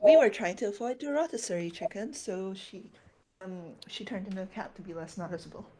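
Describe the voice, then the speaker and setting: A woman player talks at a tabletop game session. She is casual and slightly hesitant. Her voice sits at a middling pitch. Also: brisk, mellow, a little hiss or hum.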